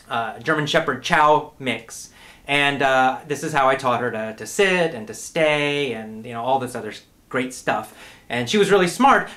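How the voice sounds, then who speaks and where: A middle-aged man giving a casual spoken lesson, talking in a relaxed way, repeating words and often checking in with "right?". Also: a little high. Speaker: English teacher.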